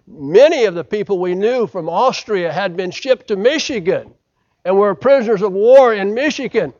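High-voiced preacher, dull lo-fi sound. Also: male voice. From United States. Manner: dramatic swings from loud to hushed, acting out quotes. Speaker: pastor. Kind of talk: sermon.

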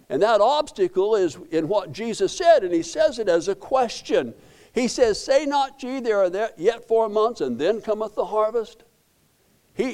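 An older male pastor delivering a sermon in an earnest, homespun way. His voice sits a little high for a man, and he drives points home by saying them twice or three times. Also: a little mellow. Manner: earnest, repeats phrases for emphasis, folksy storytelling.

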